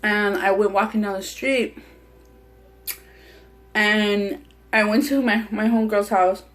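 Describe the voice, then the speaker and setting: A young woman vlogger eats on camera while telling a heated personal story full of profanity and restarts. Her mid-range voice is fairly bright, with fairly even intonation and a slow pace. It's casual mukbang storytelling over a meal.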